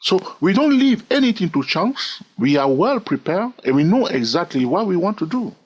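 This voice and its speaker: A man teaching a trading lesson, animated and asking the listener rhetorical questions. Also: high voice, normal speed. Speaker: trading educator. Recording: dull lo-fi audio.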